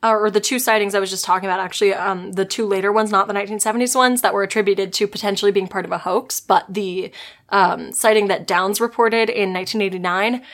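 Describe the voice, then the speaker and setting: A young woman hosts a podcast in a chatty, giggly way, often wandering off into side jokes. Her voice sits at an ordinary middle pitch, and she tells her stories with loose, casual energy. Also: fairly even intonation, fast, fairly bright tone. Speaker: podcast host.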